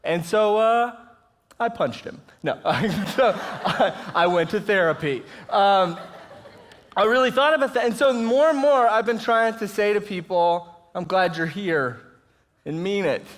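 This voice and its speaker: A man with a high, light voice speaks as a guest at a church service. He tells his stories in an upbeat, animated way and laughs often as he goes. He sounds like he is in his thirties. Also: measured pace. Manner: lively storytelling with chuckles. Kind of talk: inspirational talk at a church service. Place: church auditorium, live audience.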